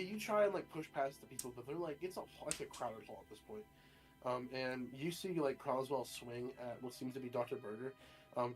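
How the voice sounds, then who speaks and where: A man running a horror tabletop session as game master over a voice call. He narrates loosely in a mid-range voice, with plenty of "um" and "like", and soft music plays behind him. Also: medium pitch. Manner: casual, loose, many fillers.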